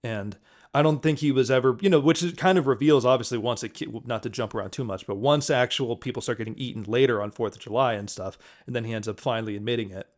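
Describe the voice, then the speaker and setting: Man, podcast co-host, mid pitch, relaxed, laughs often, loose casual talk. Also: fast talker. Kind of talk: casual movie podcast chat.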